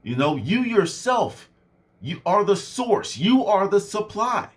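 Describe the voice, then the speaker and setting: With a voice that sits high and a slow pace, a young motivational speaker talks casually and conversationally, filling his speech with fillers. He's animated, swinging his pitch up and down for effect.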